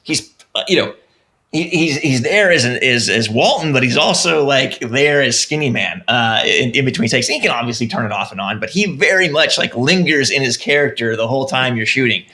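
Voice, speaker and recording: A film director answering as a podcast guest, earnest and halting, restarting his sentences often. His voice is bright and forceful at an ordinary pitch. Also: lively intonation. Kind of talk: casual interview chat.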